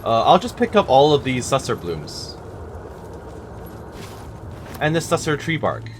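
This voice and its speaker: A man's voice: medium pitch, wildly swooping pitch, takes it slowly, noisy background. A man giving casual gameplay commentary, with wry asides muttered to himself. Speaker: gameplay video host. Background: game music.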